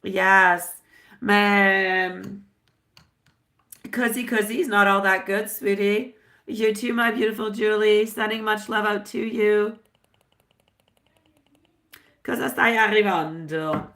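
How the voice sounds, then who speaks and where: A woman's voice: medium pitch, fairly even intonation, slow, pauses often, fairly bright tone. A woman doing a live-stream tarot reading, chatty and affectionate, dropping Italian phrases as she answers viewers. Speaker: tarot reader.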